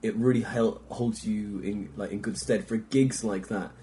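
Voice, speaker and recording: A man hosting a comedy podcast, talking enthusiastically with halting restarts as he muses. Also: on the low side, steady tone, mellow, slight background noise. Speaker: podcast host. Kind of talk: casual chat.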